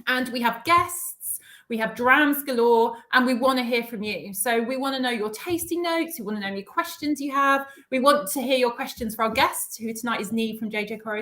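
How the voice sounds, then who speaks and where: A woman's voice: high-pitched, fairly quick, pushed and bright. A woman co-hosting a live whiskey tasting in casual chat, enthusiastic and given to repeating her phrases.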